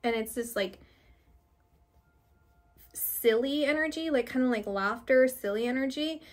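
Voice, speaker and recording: A young woman giving a casual spiritual card reading, rambling with many fillers and restarts, gently reassuring. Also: a little high, a little slow. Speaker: tarot reader.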